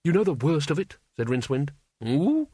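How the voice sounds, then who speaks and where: A man reading a comic fantasy novel aloud as narrator, in a wry, measured storytelling manner. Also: fairly high pitch, expressive, mellow, no echo, clean studio sound. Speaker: audiobook narrator. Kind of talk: scripted narration.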